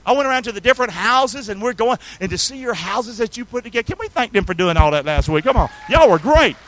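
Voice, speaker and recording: Talking fast in an expressive, high-sitting voice, a North Carolina pastor preaches with enthusiasm, urging his congregation to respond. He moves between loud and quiet stretches, and the audio is poor.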